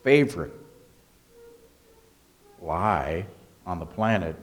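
A man preaching a sermon as pastor, emphatic, swinging between hushed and raised delivery. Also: fairly low pitch, animated, a little slow.

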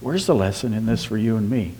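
A man preaching a sermon as pastor, emphatic, asking rhetorical questions and slowing down on key words. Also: on the low side, expressive, mellow, breathy edge.

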